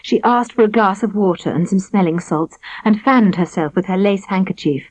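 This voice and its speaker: A woman narrating a children's audiobook in an expressive, scripted storytelling style. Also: mid-range voice, moderate pace, dry recording. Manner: lively, expressive reading. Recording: dry, slightly dull studio recording.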